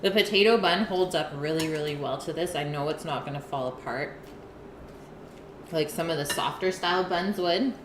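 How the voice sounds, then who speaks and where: A woman's voice: deep voice, normal speed. A woman hosting a live cooking stream, chatting casually with her viewers between bites and reading their messages aloud. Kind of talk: casual chat with viewers while eating. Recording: roomy, noisy home stream audio.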